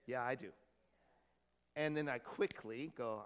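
A pastor preaching a sermon in a church, talking conversationally and asking the congregation questions. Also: male voice, medium pitch, a little slow, pauses often, smooth, in a large hall. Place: church hall.

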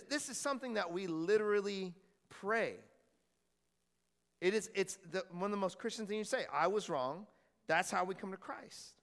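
A man preaching to his congregation in a loose, conversational way, often checking in with them through questions. His voice sits high for a man. The sound carries the long reverb of a church hall. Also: a bit bright. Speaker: pastor. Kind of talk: sermon.

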